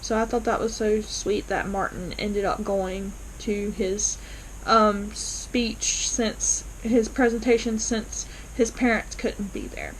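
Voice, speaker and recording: A woman's voice: mid-range voice, steady tone, takes it slowly, slight background noise, poor audio. A woman casually recapping and reacting to a TV episode, enthusiastic and full of fillers as she retells scenes. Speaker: TV episode reviewer.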